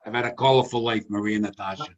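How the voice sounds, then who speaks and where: A man's voice: fairly low pitch, steady tone, fast, rough recording. Italian-American man in his sixties. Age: 60s. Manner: reminiscing, rambling and warm-hearted. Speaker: comedy show host. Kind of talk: casual chat on a video call. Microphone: video call.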